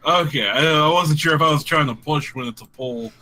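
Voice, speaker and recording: A man's voice: fairly high pitch, brisk, a crowd in the background. A man playing a tabletop game, asking playful questions and laughing often. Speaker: player. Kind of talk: casual tabletop gameplay chat.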